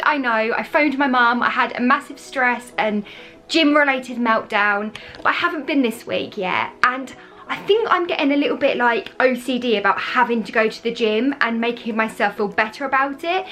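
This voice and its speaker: A young Englishwoman talks to the camera from her home, rambling casually and poking fun at herself in vlog style. Her voice is fairly high and bright, with a forceful edge.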